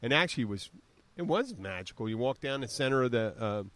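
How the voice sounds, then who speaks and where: A man's voice: medium pitch, animated, fast, a bit bright, dry recording. A man in his fifties hosting a podcast in casual chat, rambling with restarts and fillers. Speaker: podcast host.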